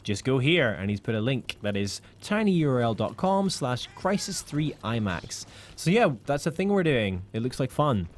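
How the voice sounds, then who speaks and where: A man's voice: mid-range voice, sing-song, measured pace, slight background noise. Chatty British man streaming a game. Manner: chatty, reads out viewer comments. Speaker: co-host of a live game stream. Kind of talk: casual live-stream commentary.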